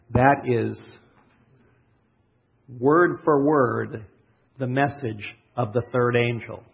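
Slow, husky-voiced preacher man. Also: mid-range voice. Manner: deliberate, stretches out key words; asks the congregation questions and answers them. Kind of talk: sermon with prayer and scripture reading. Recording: dull, lo-fi sermon recording.

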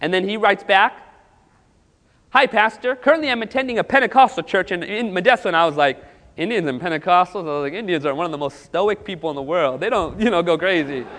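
A man preaching as a pastor, telling stories with lively acted-out dialogue to a congregation. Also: sits high, fast, big-room sound. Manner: animated storytelling with acted dialogue. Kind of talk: sermon.

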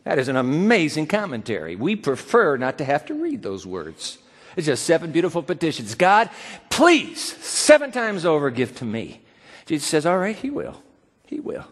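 A pastor preaching with a fairly high, very lively voice that leaps from booming to hushed as he acts out quoted speakers. His words ring out in a large hall with a long reverb trailing behind. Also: moderate pace. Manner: dramatic, acting out quoted voices with wide swings in pitch and volume. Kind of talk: sermon.

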